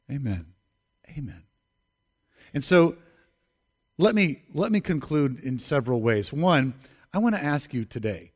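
A male pastor with a voice on the high side preaches a sermon emphatically, repeating key phrases and appealing directly to the congregation.

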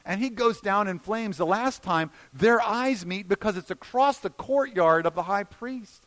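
Man preaching a sermon, slightly high voice, expressive, hushes for quoted scenes. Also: measured pace. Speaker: pastor.

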